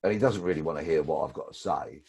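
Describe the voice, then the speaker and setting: Husky, low-voiced man in his sixties. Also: quick pace. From London. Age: 60s. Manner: lively anecdotal storytelling. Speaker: guest, former police detective. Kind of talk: storytelling interview.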